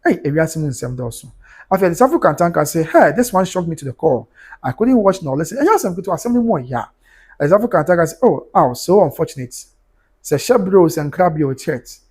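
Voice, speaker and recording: Husky Ghanaian man hosting a livestream. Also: on the high side, sing-song, brisk, a little mellow. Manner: mixes prayer with reading comments aloud, switching between Twi and English. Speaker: livestream host. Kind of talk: livestream chat reading viewer comments.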